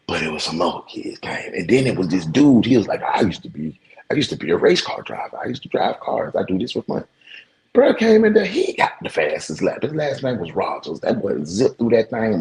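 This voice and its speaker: Gravelly animated man telling stories. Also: sits low, rough recording. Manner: animated, slangy, talks straight to his audience. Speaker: host. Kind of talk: casual storytelling to viewers.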